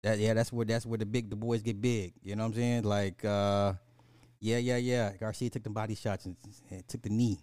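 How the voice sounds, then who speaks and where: A man's voice: lowish voice, level tone, normal speed, a little mellow, smooth, dry recording, clean studio sound. A man hosting a podcast, rambling in casual commentary, laughing and apologizing for going off track. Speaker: podcast host.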